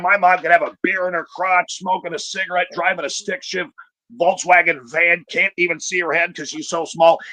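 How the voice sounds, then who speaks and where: A man's voice: a little high, pushed and bright, dry recording. A middle-aged man telling a profane, rambling stand-up story full of fillers. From Chicago area. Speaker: stand-up comedian.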